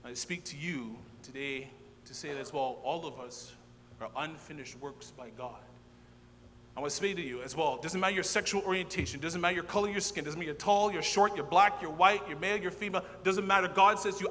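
Animated man telling his story in a hall. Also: a little high, fairly quick. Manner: animated storyteller who acts out dialogue. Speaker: ordained minister sharing testimony. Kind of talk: personal testimony talk to a gathering. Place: large hall at a church gathering. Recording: long hall reverb with faint hum.

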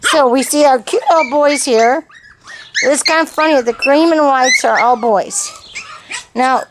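High-voiced woman cooing at puppies. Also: unhurried. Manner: cooing baby talk to puppies, chatty, laughs often. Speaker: puppy breeder. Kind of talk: casual home video narration. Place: indoors inside a puppy exercise pen. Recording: loud background noise with barking dogs.

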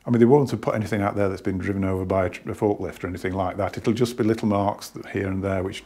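Casual male vlogger, out of breath, low husky voice, hesitant and rambling. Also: steady tone, racing, dark tone. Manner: rambling, hesitant, many restarts. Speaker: hi-fi shop owner. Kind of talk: casual product talk to camera.

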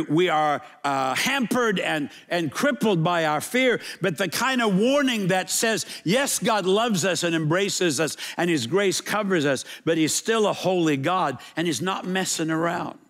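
A man pastor preaching a sermon in a church sanctuary, earnest, with slow and emphatic repeated phrases. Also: sits high, a bit bright.

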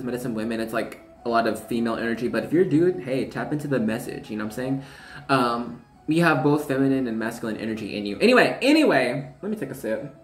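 A woman's voice: extremely low pitch, reverberant. Chatty young woman reading tarot. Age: 20s. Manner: chatty, laughing, slangy. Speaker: tarot reader. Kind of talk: casual tarot reading chat.

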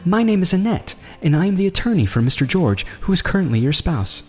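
A man voicing a young woman lawyer with a brisk, formal, businesslike manner. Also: high-pitched, very animated, darkish tone, breathy edge, big-room sound, faint music behind, voice pushed up, heavily acted.

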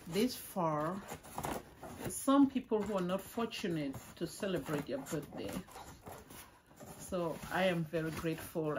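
Slow-talking woman vlogging at home. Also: on the low side, background noise. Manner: excitable, exclaims loudly while unboxing gifts. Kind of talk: casual vlog chat.

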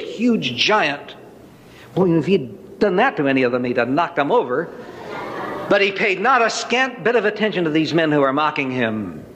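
An older man giving a testimony from the pulpit, telling his story in a lively, dramatic way. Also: on the high side. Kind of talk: sermon storytelling. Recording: long hall reverb, faint noise.

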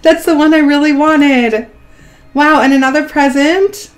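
A woman's voice: high voice, fairly even intonation, unhurried. A middle-aged woman hosting a gaming vlog, narrating as she plays, often gasping and squealing with delight. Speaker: gaming channel host. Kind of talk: excited gameplay vlog narration.

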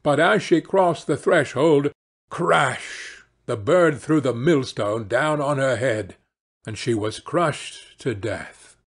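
A man narrating a fairy-tale audiobook in a slow, deliberate reading. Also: mid-range voice, husky. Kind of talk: audiobook storytelling.

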